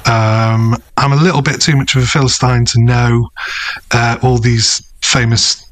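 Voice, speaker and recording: A man's voice: mid-range voice, flat delivery, measured pace, no echo. A man from Britain co-hosting a podcast in casual chat, telling stories with lots of swearing and laughter. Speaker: podcast co-host.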